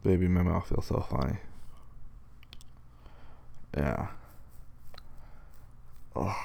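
A man's voice: on the low side, creaky, mellow. A man in a boyfriend role-play monologue, complaining with slurred, mumbling speech because his mouth is numb and swollen after dental work. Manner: whiny, complaining. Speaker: boyfriend talking to partner.

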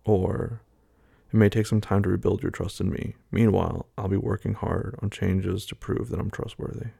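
Gravelly, hesitant man thinking aloud. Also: low voice, steady tone, moderate pace, dark tone, dry recording. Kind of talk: casual talk, taking an online quiz aloud.

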